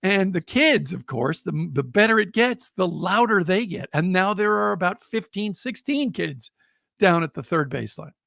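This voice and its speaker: Gravelly American man telling a lively story. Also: high-pitched, moderate pace, no room sound, studio quality. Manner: lively, chuckling, builds excitement as he tells it. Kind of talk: telling a personal anecdote on a podcast.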